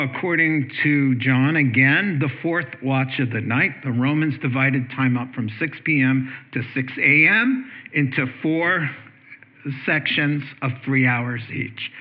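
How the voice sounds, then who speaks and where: A man pastor preaching a sermon in a conversational way, asking rhetorical questions. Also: a little high. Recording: tinny phone-like sermon audio.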